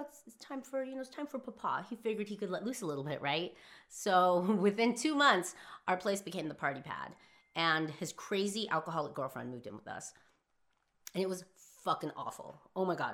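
A young woman telling a personal story in an emphatic, profane monologue, swinging from hushed to shouting. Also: lowish voice. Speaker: philosophy vlogger.

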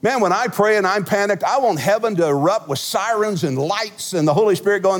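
A male pastor preaches with lively, humorous storytelling, his voice pitched a little high. It rings with a long reverb through a large church sanctuary. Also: brisk, few pauses. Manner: animated, humorous storytelling with big swings in loudness. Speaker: senior pastor. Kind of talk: sermon.

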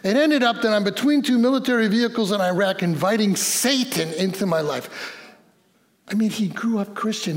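Animated high-voiced male pastor preaching. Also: brisk. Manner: animated storytelling with quoted dialogue and laughs. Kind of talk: sermon. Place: church.

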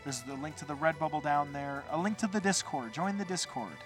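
A man hosting a podcast, telling a rambling, animated story in a casual monologue with some swearing. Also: fairly high pitch, a little fast, soft background music. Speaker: podcast host.

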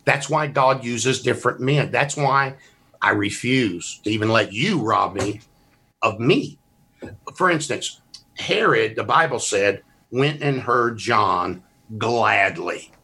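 A man's voice: mid-range voice, animated, slow pace, sharp tone, slight background noise. A middle-aged pastor, arguing his case in a fervent, folksy preaching cadence. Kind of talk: heated debate.

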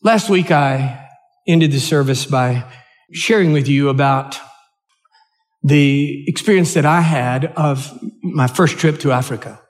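Older American pastor telling a story. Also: male voice, mid-range voice. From United States. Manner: earnest, halting storyteller with many restarts. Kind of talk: sermon storytelling.

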